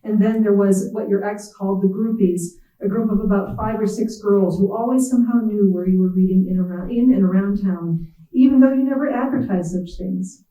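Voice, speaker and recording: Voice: mid-range voice, brisk, warm tone, far from the mic. Writer reading aloud in a roomy hall. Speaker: visiting writer. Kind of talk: literary reading in second person.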